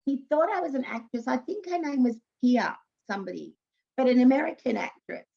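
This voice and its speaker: A woman's voice: high-pitched, lively intonation, a little fast, vocal fry, warm tone, highs cut off. An Australian woman in her fifties, a former TV actress, chatting through anecdotes in an interview with frequent restarts. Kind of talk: casual interview storytelling.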